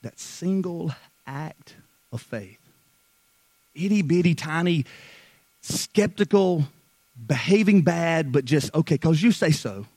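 A man preaching a sermon who moves between hushed, slow passages and loud, fervent stretches, often repeating words. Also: a little high, animated, no room sound, low-quality recording. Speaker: pastor.

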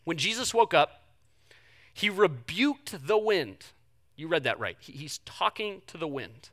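Bright-voiced man preaching a sermon. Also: fairly high pitch, very animated, a little slow. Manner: conversational storytelling with humor, swinging between hushed and loud pleading. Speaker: pastor.

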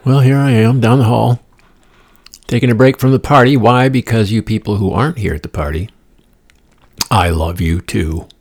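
A podcast host with a lowish, gravelly, slightly mellow voice riffs through a profane, wandering comic monologue from a condominium room. He talks at a normal speed and pauses often, tossing in playful asides and an occasional whispered joke.

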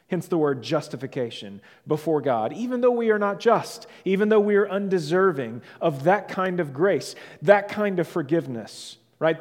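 A man with a rather high voice preaches a sermon with earnest emphasis. He repeats key phrases and sinks low on the important words, and a long reverb trails behind him as in a large hall. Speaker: pastor.

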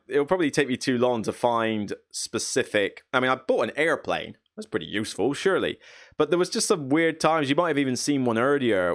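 Animated man recapping a board game. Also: mid-range voice. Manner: animated storytelling, laughs often, acts out his own reactions. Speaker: board game channel host. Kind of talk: casual gameplay recap.

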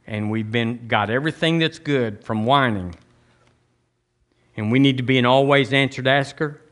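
A man's voice: mid-range voice, fairly bright tone. A man preaching a blunt, emphatic sermon as pastor, drawing the congregation into call-and-response.

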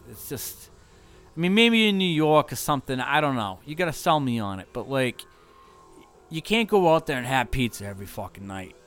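A touring musician rambling through a casual tour recap, loose and profane with constant fillers. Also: male voice, medium pitch, fairly bright tone.

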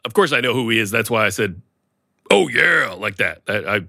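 A man chatting on a comedy podcast, his pitch bouncing all over the place. His voice is bright and forward, and the recording is close and dry with no room sound. He stays playful and keeps breaking into silly voices. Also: lively intonation, brisk, creaky, no echo. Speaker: podcast co-host. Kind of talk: casual comedic chat.

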